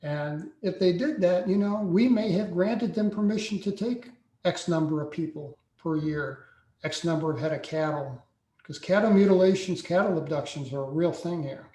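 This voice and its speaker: A man in his sixties, a podcast guest telling a personal story slowly and deliberately, with frequent pauses. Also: a little high, warm tone. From United States. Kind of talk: personal account in a podcast interview. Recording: echoey room sound.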